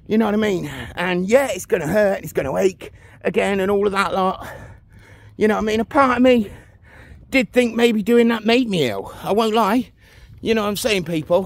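Man, out of breath on a walking vlog, gravelly, husky voice, chatty to camera, recorded outdoors on a phone. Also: high-pitched, no echo. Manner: chatty, keeps asking the viewer "you know what I mean". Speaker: vlogger. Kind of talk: casual walk-and-talk vlog. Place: outdoors on a village road.

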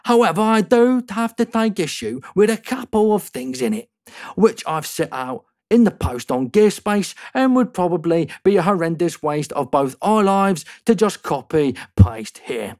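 A man reading out an email in a put-on accent, voicing a haughty male company executive who is measured and condescending. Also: high voice, very animated, mellow, no echo, studio quality, voice pushed up, full character voice. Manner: put-on accent, slow pointed delivery. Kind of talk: reading an email aloud in a mock voice.

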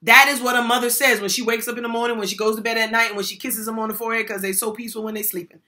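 A woman's voice: on the high side, flat delivery, very fast, pushed and bright. An older woman giving a motivational workshop talk on supporting people, speaking emphatically in a folksy way and repeating key phrases.

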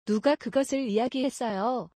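Brisk, high-voiced woman reading prompts. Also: warm tone, dry recording, clean studio sound. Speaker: Korean prompt reader.

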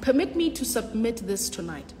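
A woman preaching a sermon with passion, repeating lines and shouting out at times. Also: fairly high pitch, big pitch swings, normal speed, echoey room, in a large hall. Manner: impassioned preaching with shouts and repetition.

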